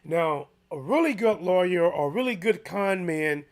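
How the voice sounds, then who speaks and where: A man hosting a casual solo sports commentary, chatty and animated with lots of restarts, his voice a little hoarse. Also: high-pitched, normal speed. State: slightly hoarse.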